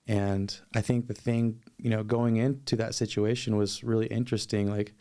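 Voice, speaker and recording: A man guest on a podcast, telling a personal story in a measured, thoughtful, sincere way. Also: fairly low pitch, level tone, mellow.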